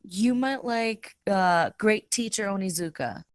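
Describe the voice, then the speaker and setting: A woman in a casual podcast chat who speaks haltingly, searching for words and laughing easily. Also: mid-range voice.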